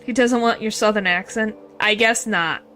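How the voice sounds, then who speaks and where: A woman's voice: medium pitch, moderate pace, bright, forceful tone, faint music behind. A woman streamer giving casual gameplay commentary, chatty and joking as she reads game dialogue aloud.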